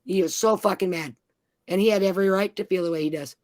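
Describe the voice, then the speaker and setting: A woman's voice: on the low side, fast, a little mellow, dry recording. A woman venting in an angry, profane rant, swearing nearly every sentence.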